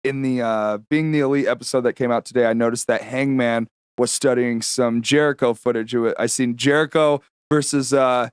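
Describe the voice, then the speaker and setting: A man's voice: medium pitch, fairly even intonation, moderate pace, few pauses, clean tone, dry recording, clean studio sound. A man co-hosting a podcast, talking casually and rambling with plenty of fillers. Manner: rambling, many fillers, swears freely. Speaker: podcast co-host. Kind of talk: casual chat.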